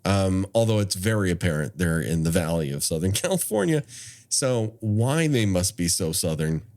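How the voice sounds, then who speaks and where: A man's voice: deep voice, animated, moderate pace, a little mellow. A man co-hosting a podcast, recapping a horror film in casual chat with wry asides and frequent laughs. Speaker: podcast co-host.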